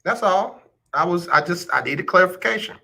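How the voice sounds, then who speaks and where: A male radio host chats with his listeners in a teasing, joking way. His voice sits a little high and rings bright and forceful. He talks straight to the audience like old friends. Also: animated, normal speed, creaky. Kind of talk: casual joking radio chat.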